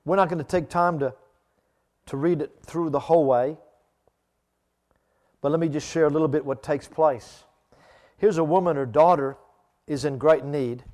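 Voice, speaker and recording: A man's voice: a little high, normal speed, pauses often, darkish tone. A man preaching a sermon, telling stories in an emphatic, conversational way with frequent repetitions. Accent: non-local accent, not Australian. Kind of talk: sermon with personal storytelling.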